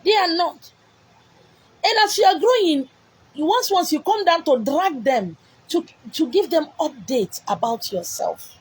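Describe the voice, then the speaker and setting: A woman's voice: extremely high pitch, animated, unhurried, poor audio. A woman with a Nigerian accent delivering a spiritual message, repeating herself emphatically and scolding with rhetorical questions. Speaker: spiritual messenger. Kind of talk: preached message to viewers.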